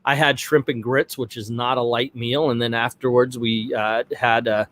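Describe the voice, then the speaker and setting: A middle-aged man tells a personal story on his vlog. His telling rambles and turns animated, in a casual, unscripted way. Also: mid-range voice, normal speed. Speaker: vlog host.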